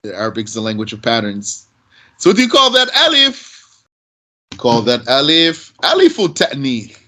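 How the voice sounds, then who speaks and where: A man's voice: mid-range voice, huge pitch swings, moderate pace, bright, forceful tone. A man teaching Arabic grammar, asking and answering his own questions as he explains.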